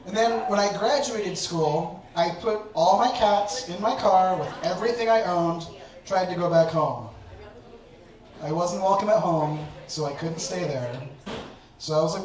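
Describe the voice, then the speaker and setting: A man telling a personal story on stage to a live audience, with an animated, self-mocking comic delivery. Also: high voice, a little slow. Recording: echoey hall, distant mic, audience laughter.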